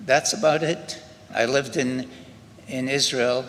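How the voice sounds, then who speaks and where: An older man from Scotland with a Scottish accent, giving halting personal testimony at a memorial ceremony, often restarting his sentences. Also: mid-range voice, steady tone, fairly bright tone. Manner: unhurried, halting, with frequent restarts. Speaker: Holocaust survivor speaker. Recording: long hall reverb with faint ambient noise.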